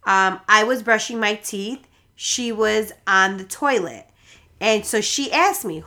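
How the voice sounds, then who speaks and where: A woman's voice: on the high side, normal speed, pushed and bright. A young woman chatting casually, cutting in with corrections and laughing as she tells her side of the story. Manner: interjects corrections, laughs while telling.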